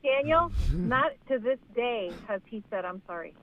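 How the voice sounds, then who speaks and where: A woman's voice: fairly high pitch, lively intonation, unhurried, highs cut off, a crowd in the background. A woman guest in casual chat, blunt and indignant, correcting her husband's story.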